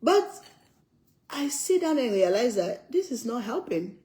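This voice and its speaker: A woman's voice: on the high side, big pitch swings, a little slow, dark tone, poor audio. An older woman from Africa, chatting casually and emphatically while she eats, repeating her points and laughing often. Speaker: cooking vlogger. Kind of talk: casual chat while eating.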